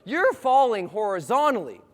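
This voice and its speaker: A man giving an animated storytelling talk to an audience on a stage, full of sound effects and shouted moments. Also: extremely high pitch, moderate pace, big-room sound. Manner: theatrical, shouts and sound effects, laughs while telling. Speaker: motivational speaker.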